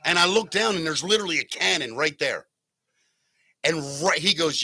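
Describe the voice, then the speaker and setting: A man's voice: a little high, animated, normal speed, bright, forceful tone, breathy edge, no room sound. A man hosting a casual talk show, telling a rambling, jokey story and correcting himself as he goes. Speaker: podcast host.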